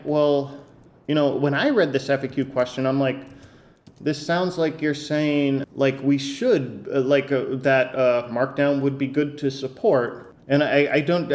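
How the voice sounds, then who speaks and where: In a casual podcast rant, a male host picks apart a text in disbelief, hesitating and tripping over restarts and fillers. His mid-range, darkish voice keeps a fairly even intonation at a moderate pace.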